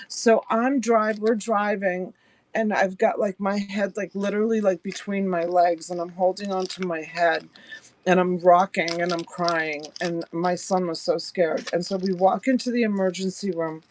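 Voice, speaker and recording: A woman's voice: steady tone, a little slow. A middle-aged woman selling jewelry on a live stream, chatting casually and telling a personal story between items. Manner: chatty storyteller, voice rising high when quoting.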